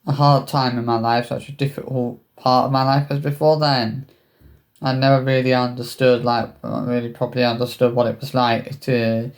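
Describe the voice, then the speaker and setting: Halting man telling a personal story. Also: medium pitch, level tone. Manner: halting, hesitant, many restarts. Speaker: vlogger.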